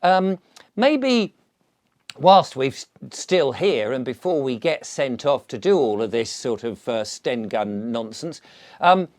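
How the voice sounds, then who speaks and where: A man's voice: mid-range voice, very animated, slow, a little mellow. An older English man talking to camera in a chatty, theatrical monologue, slipping into comic voices. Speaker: vlogger.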